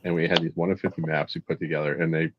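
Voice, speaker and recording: A man's voice: very deep voice, level tone, racing, muffled recording, noisy background. A man sharing service stories in a casual chat, dry and matter-of-fact. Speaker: military veteran guest.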